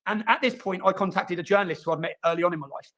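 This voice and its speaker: A man telling his own story, fast and emphatic, often repeating words and asking "yeah?". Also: sits high, sharp tone. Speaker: interviewee in played clip. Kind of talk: animated personal storytelling.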